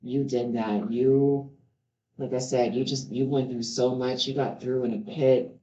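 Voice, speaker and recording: A woman's voice: a bass voice, steady tone, unhurried, warm tone. A woman reading scripture aloud and stopping now and then to add earnest, heartfelt comments of her own. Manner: earnest, stops to react with heartfelt remarks. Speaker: Bible reader. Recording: roomy, slightly dull home recording.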